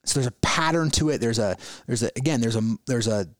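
A man's voice: mid-range voice, fast talker, no echo. A man hosting a solo podcast, giving a reflective spiritual talk full of rhetorical questions and restarts. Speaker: podcast host.

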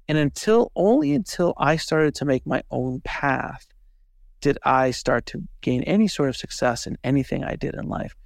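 A man's voice: mid-range voice, animated, moderate pace, vocal fry, dry recording, studio quality. A man talking in a podcast interview, telling stories animatedly and acting out quoted voices. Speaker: podcast host and filmmaker, guest. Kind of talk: casual interview talk.

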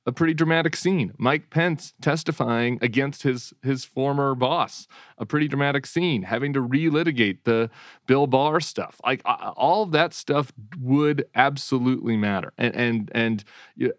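A man's voice: medium pitch, moderate pace, dry recording, studio quality. A man co-hosting a political podcast, talking bluntly and with plenty of swearing. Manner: blunt, profane, animated. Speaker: podcast co-host. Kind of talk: casual political chat.

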